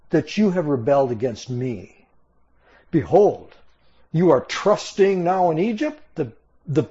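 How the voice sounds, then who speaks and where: A man voicing a boastful male Assyrian envoy who mocks and shouts at a besieged city, delivered as raised, declaiming scripture reading. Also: high voice, highs cut off, voice pushed up. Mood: taunting. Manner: taunting, declaiming, raised and forceful.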